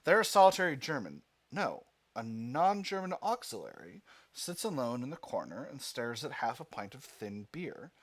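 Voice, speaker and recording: A man's voice: mid-range voice, breathy edge. A man hosting a gaming video, reading the game's text aloud and thinking through his choices with fillers and restarts. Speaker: gaming channel host. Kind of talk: let's play commentary, reading game text aloud.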